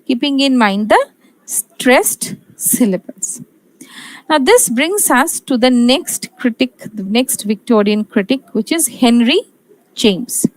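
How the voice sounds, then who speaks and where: A woman's voice: high-pitched, no echo, rough recording. A woman from India giving an exam-prep literature lecture, repeating key points and asking and answering her own questions.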